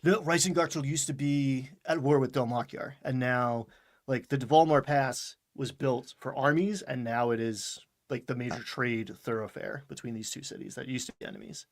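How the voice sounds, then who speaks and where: A man's voice: medium pitch, normal speed. A man hosting a casual talk podcast, recapping an episode in a rambling, chatty way and laughing often. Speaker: podcast host recapping a show. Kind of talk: casual chat.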